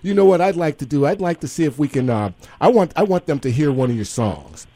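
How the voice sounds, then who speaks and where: A man hosting a radio show, chatting in a relaxed, encouraging way. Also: a little high, fast, no echo. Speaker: radio host. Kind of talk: casual radio chat.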